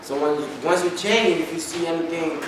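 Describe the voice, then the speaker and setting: A man's voice: a little high, fairly quick. Guy student explaining stuff, kinda unsure, far away n echoey. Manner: hesitant, restarts while explaining. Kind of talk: answering in class. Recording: distant in echoey classroom with noise.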